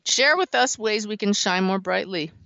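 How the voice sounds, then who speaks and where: A woman hosting a talk show, chatting lively and laughing easily. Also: mid-range voice, moderate pace, gravelly, no room sound. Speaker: host. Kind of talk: casual talk show chat. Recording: dull, muffled sound.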